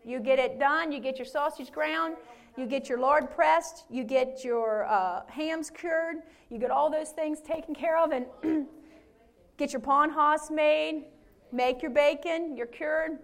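Woman pastor, high voice, folksy and lively delivery, preaching with amens. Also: a little slow. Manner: folksy and animated, with frequent amens. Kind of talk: sermon.

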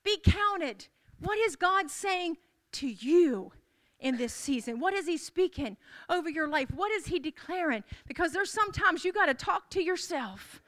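Woman preacher, very high bright voice, declaring and repeating calls to a congregation. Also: lively intonation, unhurried. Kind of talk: sermon.

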